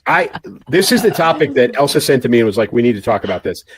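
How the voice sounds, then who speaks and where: A man's voice: mid-range voice, sing-song, quick pace. A man co-hosting a political commentary chat, speaking earnestly and hesitantly, often repeating the start of a sentence. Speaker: co-host.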